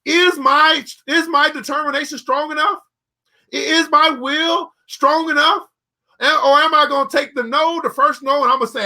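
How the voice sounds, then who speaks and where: A man hosting a motivational talk, preaching in an emphatic, repetitive way and now and then shouting. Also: extremely high pitch, steady tone, normal speed. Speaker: motivational show host.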